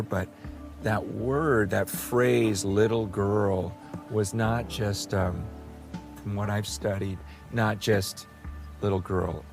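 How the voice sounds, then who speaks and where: A man preaching a sermon with urgent passion, often repeating words as he presses his point. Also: on the low side. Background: music.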